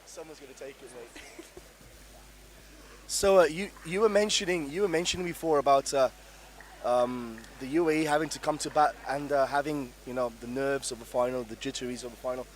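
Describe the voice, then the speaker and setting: A man's voice: mid-range voice, steady tone, brisk, slight background noise. A man co-commentating a live match, posing questions and hedging with fillers.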